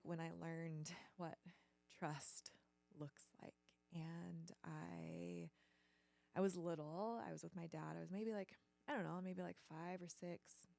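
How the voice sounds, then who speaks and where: A woman hosting a business channel, telling a personal story in an earnest, halting way with lots of fillers. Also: fairly low pitch, gravelly, a little mellow.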